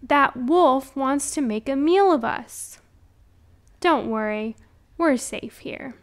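A woman doing a brisk old grandmother. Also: high voice, lively intonation, exaggerated voice. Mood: calm. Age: older. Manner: brisk, firm. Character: kindly, bossy old grandmother.

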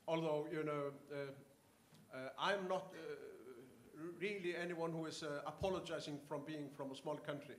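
An older man from Iceland, a professor telling anecdotes in an interview, halting with many fillers and restarts. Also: a little high, fairly bright tone. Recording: echoey room, faint ambience.

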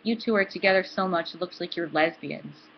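A woman's voice: fairly low pitch, brisk, slight background noise, close to an everyday voice. A woman reading aloud as a prim young college woman who speaks scornfully, on a dull, lo-fi recording.

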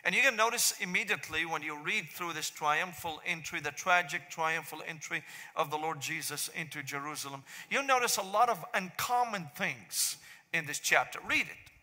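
Syrian-accented male preacher, middle-aged, bright ringing tone, long reverb in a big sanctuary. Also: fairly high pitch. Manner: joking storyteller turning to slow solemn prayer. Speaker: pastor. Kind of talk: sermon. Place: large church sanctuary.

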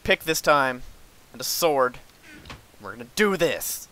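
A man giving let's play commentary, sarcastic and easily frustrated, with sudden yells at monsters. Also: mid-range voice, big pitch swings, unhurried. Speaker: gamer.

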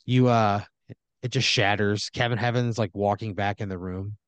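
A man improvising a comedy story on a podcast, halting with fillers and restarts and slipping into quick character voices. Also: on the low side, steady tone, clean tone, no room sound, lo-fi sound. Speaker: podcast host telling an improvised scenario.

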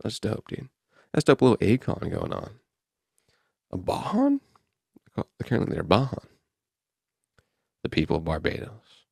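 A man's voice: lowish voice, lively intonation, normal speed, gravelly, long pauses, darkish tone, husky, dry recording, studio quality. A man hosting a podcast, chatting offhand and wry while reading headlines aloud and riffing on them. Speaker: podcast host. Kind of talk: casual podcast chat, reading news aloud.

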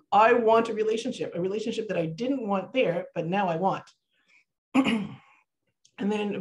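A woman teaching an online Torah class from her computer. She explains in English and reads out Hebrew verses, with plenty of fillers and restarts. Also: medium pitch.

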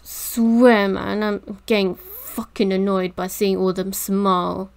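A woman's voice: medium pitch, level tone, slow pace, vocal fry, clear, resonant tone. A woman reacting to an anime episode, distraught and swearing as she talks back at the screen. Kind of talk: emotional reaction commentary.

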